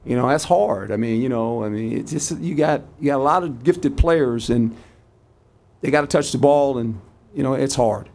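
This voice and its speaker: A man's voice: medium pitch, moderate pace, vocal fry, darkish tone. An older man in his sixties, a head football coach answering press conference questions in a folksy, repetitive way, acting out his sideline exchanges.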